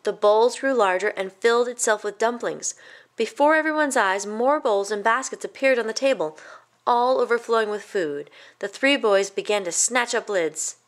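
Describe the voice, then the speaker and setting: A woman reading a children's picture book aloud in an even, gentle storytelling manner. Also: on the high side, normal speed. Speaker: storybook reader.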